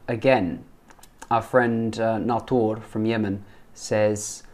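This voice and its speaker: A man with an English accent reacts to learners' clips like a friendly coach. He is playful and picky, and he slows right down to repeat each tricky word. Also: mid-range voice, a little mellow. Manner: playful, picky, repeats words slowly to model pronunciation. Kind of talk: casual teaching commentary.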